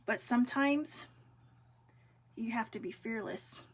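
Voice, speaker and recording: A woman's voice: fairly high pitch, slow, husky. A woman hosting a vlog, talking to her viewers in a casual, heartfelt way, earnest and encouraging, with many fillers. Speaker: vlog host.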